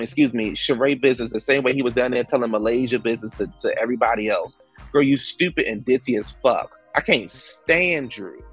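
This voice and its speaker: A man's voice: medium pitch, fairly bright tone, slightly rough. A man hosting a casual reality TV recap, blunt and profane, ranting and stretching out words for emphasis. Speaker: TV recap host.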